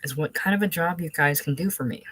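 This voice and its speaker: A woman reading aloud voicing a loud, rambling middle-aged man telling fishing stories. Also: deep voice, quick pace, husky. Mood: boisterous. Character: boisterous middle-aged male fishing buddy.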